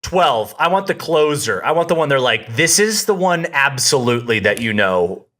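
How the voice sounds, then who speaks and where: Bright-voiced rambling male podcast host. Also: mid-range voice, sing-song, normal speed. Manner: rambling, restarts and trails off; joking. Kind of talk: casual chat.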